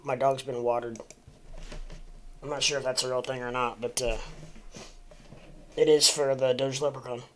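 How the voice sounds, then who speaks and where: An American man hosting a crypto livestream chats casually in a mid-range, fairly bright voice with a level tone at normal speed. He pauses often, rambles with lots of fillers and restarts, and stops mid-stream to talk to his dog.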